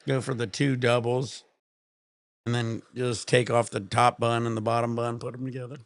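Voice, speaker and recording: A man's voice: mid-range voice, little pitch movement, moderate pace, no echo. A man streaming from home, chatting casually in a rambling, laid-back way with plenty of swearing.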